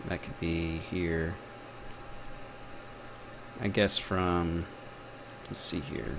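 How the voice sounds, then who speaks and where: A man's voice: low-pitched, steady tone, very slow, noisy background. A young Texan man with a Texan accent, giving a casual live-stream tutorial, chatty and jokey, muttering to himself as he works. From Texas. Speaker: game developer teaching a tutorial.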